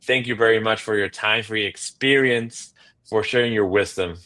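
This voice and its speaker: Bright-voiced enthusiastic male host. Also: on the low side, normal speed. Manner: enthusiastic, praising. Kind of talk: interview host wrap-up.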